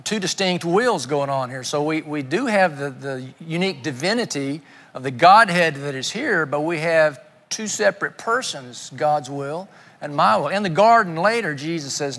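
A man's voice: a little high, expressive, moderate pace, a bit bright. Earnest man preaching in a reverberant hall. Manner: earnest, repeats words while searching for phrasing. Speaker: guest preacher. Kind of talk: sermon.

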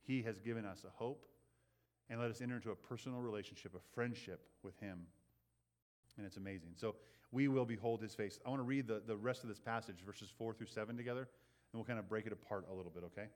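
A man preaching a sermon in an earnest way. He often checks in with the listeners with a quick "right?" and repeats words as he builds his points. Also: fairly low pitch, darkish tone. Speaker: pastor.

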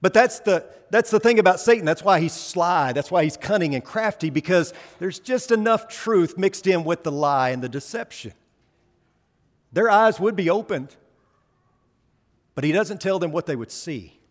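A man's voice: sits high, lively intonation, normal speed, long reverb tail. A man preaching a sermon in a conversational way, asking the congregation rhetorical questions as he reads scripture. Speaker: pastor.

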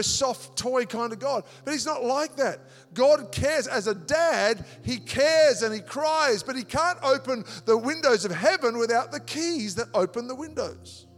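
A man from Australia preaching a sermon as pastor, animated, repeating words and acting out little dialogues. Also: very high-pitched. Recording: long hall reverb with music behind.

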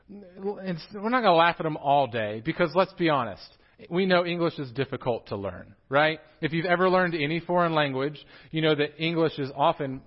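A young man with a drawl and a slightly high voice preaches in a church sanctuary, joking and chatting with his congregation. His casual, humorous sermon is animated and direct, captured on a muffled, lo-fi recording.

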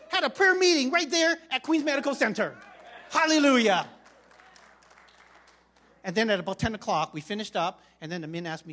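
Animated male pastor telling a story. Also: high voice. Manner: animated, acts out quotes, repeats words. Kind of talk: sermon storytelling.

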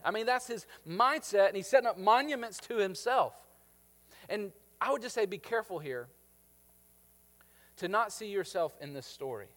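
A man preaching a sermon as a pastor, animated and jokey, acting out the people in the story. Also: high-pitched, a little fast, big-room sound. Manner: animated, jokey, acts out biblical characters.

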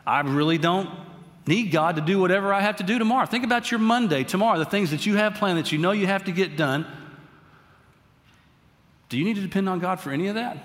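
Higher-voiced pastor preaching in a reverberant hall. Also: male voice, a bit bright. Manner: conversational, emphatic preaching with asides to the congregation. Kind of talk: sermon. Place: church sanctuary. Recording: long reverb of a large hall.

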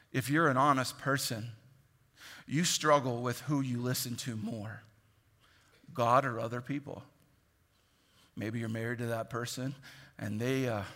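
A man preaching a sermon in an animated, jokey way, acting out the voices of the people he quotes. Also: medium pitch, unhurried, long pauses. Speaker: pastor. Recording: long hall reverb.

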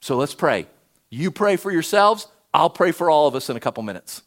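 A man preaching a sermon, animated, swinging between loud emphasis and hushed urging. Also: a little high, fairly quick. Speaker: pastor.

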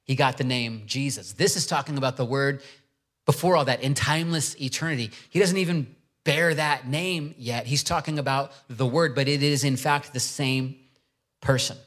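A man preaching a sermon, opening in quiet prayer and then teaching earnestly through a passage with rhetorical questions. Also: mid-range voice, moderate pace. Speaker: pastor.

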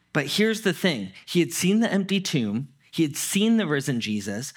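A man preaching a sermon in a casual storytelling way, acting out the people he quotes. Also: fairly high pitch. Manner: conversational, acts out quoted lines. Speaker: pastor.

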